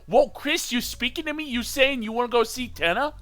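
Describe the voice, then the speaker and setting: A man voicing a gruff, blunt teenage monster girl in a video game. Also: extremely high pitch, fairly quick, a bit bright, voice pushed up. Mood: surprised.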